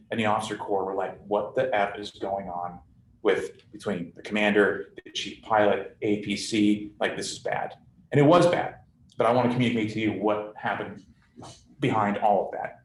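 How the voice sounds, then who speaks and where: A man's voice: lowish voice, echoey room, slight background noise, rough recording. A man, a squadron commander, talking candidly and bluntly to his officers in a casual, jargon-filled way. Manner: blunt, conversational, full of military jargon and fillers.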